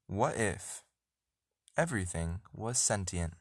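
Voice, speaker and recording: A man's voice: lowish voice, breathy edge, dry recording, studio quality. A young man in casual chat, rambling with many restarts and often laughing. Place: blanket fort.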